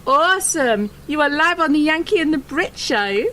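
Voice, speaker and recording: A woman's voice: high-pitched, expressive, normal speed, pushed and bright. A British woman co-hosting a radio talk show with casual, teasing, bawdy banter. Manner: teasing, bawdy, laughs along.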